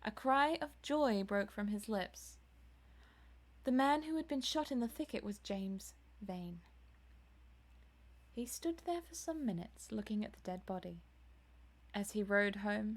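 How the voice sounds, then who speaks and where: A woman's voice: medium pitch, a little slow. A woman reading a classic novel aloud with enthusiasm, adding self-deprecating asides. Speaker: audiobook reader, streamer.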